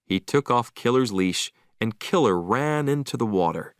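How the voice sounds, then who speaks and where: A man narrating a simple story slowly and clearly for English learners, with an expressive reading. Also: mid-range voice, no room sound, clean studio sound.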